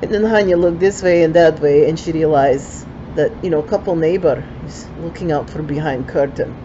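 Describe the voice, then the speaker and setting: A woman's voice: low voice, moderate pace, lo-fi sound, noisy background. An older woman with a Ukrainian accent telling a folksy story in broken English, with chatty asides.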